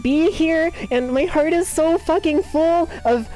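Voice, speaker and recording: A woman streamer greeting her chat in a live stream, excitable and squealing, swearing freely over faint background music. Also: extremely high pitch, measured pace.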